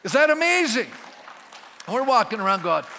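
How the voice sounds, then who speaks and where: A man preaches in a lively, conversational way and keeps questioning his congregation. His voice is high and bright with wide swings in pitch. It sounds out in a church sanctuary with a long hall reverb. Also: moderate pace, a faint crowd, a little hiss or hum. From Canada. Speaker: pastor. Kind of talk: sermon.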